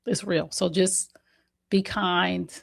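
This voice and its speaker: Woman, New Jersey accent, casual interview guest, animated storyteller, acts out quotes. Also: fairly low pitch, takes it slowly, creaky. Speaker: podcast guest, autism advocate mother.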